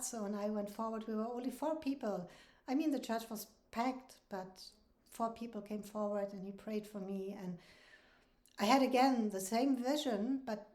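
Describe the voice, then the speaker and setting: Warm-voiced woman. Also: medium pitch. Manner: earnest and heartfelt, with laughs between thoughts. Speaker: author sharing faith testimony. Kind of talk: personal faith testimony. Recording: roomy echoey recording.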